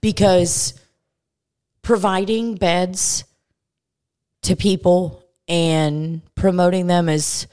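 A woman with a Midwest American accent and a slightly low voice. She chats casually on a podcast and tells a crude story with plenty of swearing. She sounds exasperated and quick to rant. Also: fairly even intonation, a little mellow, smooth. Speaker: podcast co-host. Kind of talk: casual comedic chat. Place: rented house in California.

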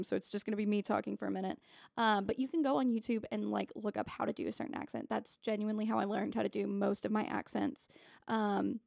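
A woman's voice: fairly high pitch, creaky, darkish tone, dry recording, studio quality. A woman co-hosting a podcast in casual chat, swearing freely and laughing easily. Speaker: podcast co-host.

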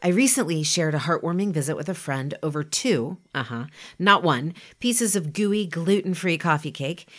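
A woman giving a scripted motivational talk, speaking in a lively, emphatic and conversational way. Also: deep voice, moderate pace. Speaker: inspirational podcast speaker.

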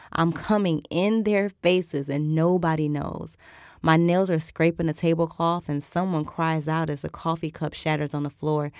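Low, gravelly woman narrating erotic fiction. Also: a little mellow, no echo, studio quality. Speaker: audiobook narrator.

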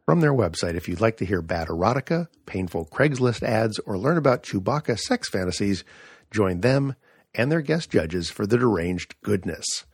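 A man's voice: fairly low pitch, expressive, moderate pace, husky, no echo, clean studio sound. A man hosting a comedy podcast, reading listener messages and introducing clips with many fillers. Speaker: podcast host. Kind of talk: casual show segment.

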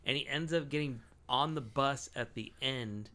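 A man's voice: mid-range voice, moderate pace, pushed and bright. A young man co-hosting a casual podcast, rambling through stories with lots of swearing. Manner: profane, rambling storyteller. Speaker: podcast co-host. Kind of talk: casual chat.

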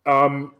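Rambling casual male podcast co-host. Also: bright, forceful tone. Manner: rambling, filler-heavy, laughing. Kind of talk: casual movie chat.

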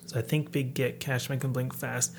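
A man in his late twenties talks through rap lyrics in a casual, excitable way. He jumps between hushed whispered asides and sudden loud outbursts of surprise. A light hiss of noise sits under his voice. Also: medium pitch, moderate pace, creaky. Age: late 20s. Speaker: host. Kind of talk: casual lyric breakdown commentary.

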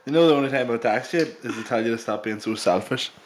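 A man's voice: mid-range voice, quick pace, a little hiss or hum. A man, co-hosting a podcast in casual, teasing banter and swearing freely. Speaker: podcast co-host.

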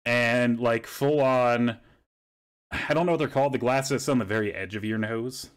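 A young man in casual podcast chat, spinning long rambling stories. His voice sits at an ordinary middle pitch. He swears freely as he talks. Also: normal speed, clean tone. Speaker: podcast host.

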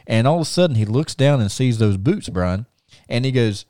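Middle-aged man, animated storyteller, stammering restarts, dry close recording. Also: medium pitch, normal speed, no room sound. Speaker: podcast host. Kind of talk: casual storytelling chat.

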